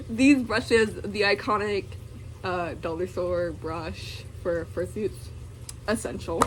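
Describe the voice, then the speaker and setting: A woman's voice: mid-range voice, takes it slowly, a little hiss or hum. A young woman vlogging casually, giggling and gushing with many fillers as she unboxes something.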